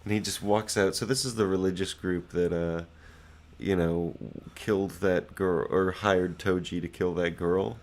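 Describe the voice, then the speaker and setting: A man's voice: low-pitched, fairly even intonation, measured pace. A man co-hosting a casual anime podcast, laid-back and recapping scenes with plenty of casual swearing. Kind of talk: casual chat.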